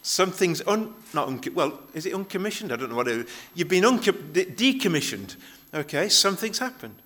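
Bright, lively-voiced male pastor preaching. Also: high voice, fairly quick. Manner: conversational with frequent restarts. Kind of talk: sermon.

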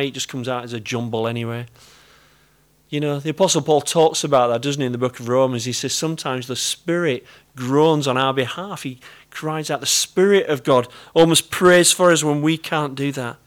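A middle-aged British man with a British accent, preaching a sermon in an earnest, conversational way and repeating key phrases. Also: medium pitch. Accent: British English. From Britain.

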